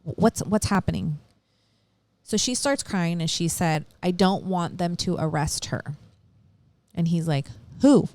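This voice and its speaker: A woman's voice: lowish voice, a little slow, a little mellow, no room sound. A woman co-hosting a podcast, casually retelling a true-crime story, acting out quotes and swearing freely. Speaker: podcast co-host.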